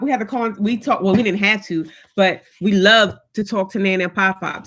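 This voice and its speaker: A woman's voice: mid-range voice, a bit bright. A woman hosting a casual live stream, chatting upbeat and greeting viewers one by one by name.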